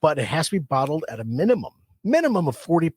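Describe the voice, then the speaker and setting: A man's voice: fairly high pitch, big pitch swings, husky, dry recording, clean studio sound. Man reading out whiskey rules. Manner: explains rules step by step, slows down to read aloud. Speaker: podcast co-host. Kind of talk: casual chat, reading out facts.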